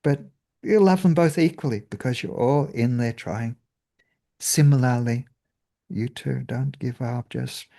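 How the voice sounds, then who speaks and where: A man's voice: mid-range voice, measured pace, vocal fry, dark tone. A man, a meditation teacher giving a cheerful spiritual talk and laughing often.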